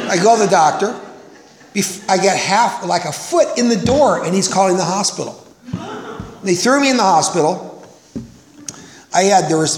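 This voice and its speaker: Older man, fairly high voice, rambling self-mocking storyteller, echoey hall, faint noise behind. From California. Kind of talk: personal recovery story to an audience.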